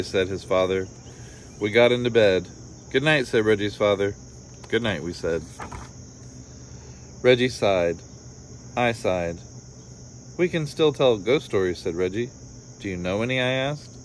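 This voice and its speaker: A man with a lowish voice reads a children's story aloud in a gentle, unhurried way. He nudges his voice higher and brighter for the children's questions and replies. Faint crickets chirp behind him. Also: lively intonation, a little hiss or hum. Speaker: storybook reader. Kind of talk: reading a picture book aloud.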